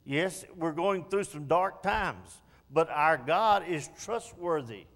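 A man's voice: high voice, takes it slowly, hardly any pauses, a bit bright. A man preaching a sermon in a church, emphatic and repeating key phrases. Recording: long reverb of a church hall.

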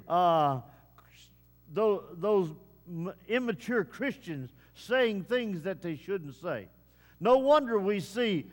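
A man preaching a sermon to his congregation in a folksy way, with many pauses and "uh" fillers. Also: high voice. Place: church service. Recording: long hall reverb.

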